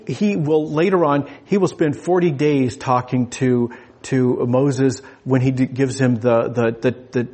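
A man preaching a sermon in a relaxed, conversational way, often restarting phrases and chuckling as he goes. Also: medium pitch, husky.

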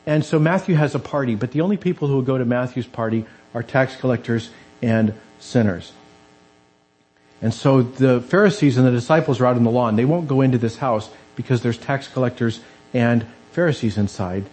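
A man's voice: medium pitch, brisk, a little mellow, poor audio. A man preaching a conversational sermon in a church, acting out the quoted voices as he goes.

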